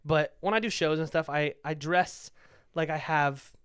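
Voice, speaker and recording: A young man co-hosting a casual comedy podcast, telling animated stories and jumping into high squeaky voices when he quotes people. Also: a little slow, clear, resonant tone, no echo, studio quality. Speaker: podcast co-host; stand-up comedian. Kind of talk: casual chat.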